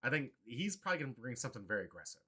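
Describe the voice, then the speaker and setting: A man hosting a casual card-game livestream, excitable and prone to loud mock rants. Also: mid-range voice, racing, breathy edge. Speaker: livestream host.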